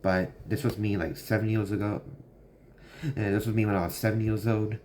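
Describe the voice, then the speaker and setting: Low-voiced young man rambling a story. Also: flat delivery, normal speed, a little mellow, a little hiss or hum. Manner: rambling with many fillers. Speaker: vlogger. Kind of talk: casual storytelling monologue.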